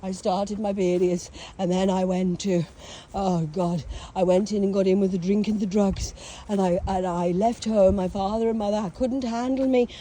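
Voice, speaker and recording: A woman from England speaks at normal speed in a medium-pitched, warm voice with fairly even intonation, over a little hiss or hum. Telling her life story casually, she's theatrical, sardonic and self-mocking, swearing, performing voices and breaking into song.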